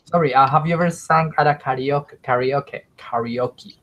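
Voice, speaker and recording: A man's voice: a little high, steady tone, fairly quick, highs cut off. A man who is an English student, telling a story in casual conversation practice, hesitant, with many restarts as he searches for words.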